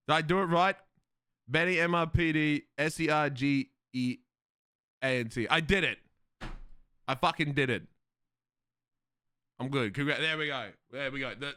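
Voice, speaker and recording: An Australian man chatting casually with his viewers on a live stream, loud and excitable, swearing freely. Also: fairly high pitch, clean tone, dry recording, studio quality.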